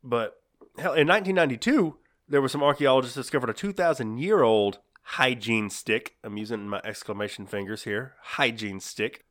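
A man's voice: mid-range voice, very animated, moderate pace, fairly bright tone. A man co-hosting a casual podcast, laughing often as he tells odd trivia. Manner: laughs often, giggly storytelling of odd facts. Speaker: podcast co-host.

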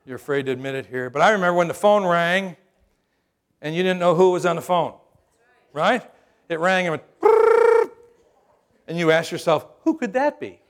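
A man's voice: fairly high pitch, brisk, long pauses, fairly bright tone. A middle-aged man preaching a sermon as pastor, humorous and conversational, often checking in with the crowd by asking "right?".

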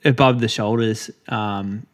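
A young man co-hosting a podcast in relaxed, easygoing chat, reading out listener questions. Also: fairly low pitch, unhurried. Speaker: podcast co-host. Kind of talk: casual chat.

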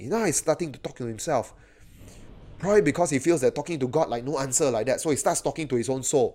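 A man preaching a sermon, animated, often raising his voice to act out cries of the psalms. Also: mid-range voice, fast talker. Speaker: pastor.

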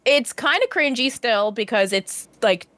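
An enthusiastic woman chats on a podcast, her voice somewhat high and very lively in pitch. She agrees often and jumps in eagerly. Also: a little slow, no echo. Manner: enthusiastic, many agreeing replies. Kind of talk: casual chat.

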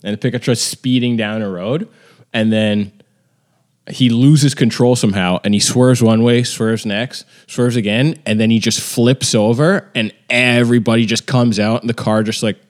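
A man's voice: medium pitch, fairly even intonation, moderate pace. A young man telling stories in casual chat, loose and full of fillers and swearing.

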